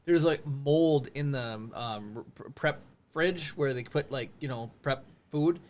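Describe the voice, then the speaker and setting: A man hosting a podcast who tells rambling stories in casual chat. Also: medium pitch. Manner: rapid, rambling storytelling. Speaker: podcast host.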